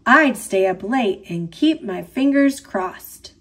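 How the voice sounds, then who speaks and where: An American woman reading picture books aloud to children, with expressive, sing-song storytelling. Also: mid-range voice, slow pace, breathy edge. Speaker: storybook reader. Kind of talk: picture book read-aloud.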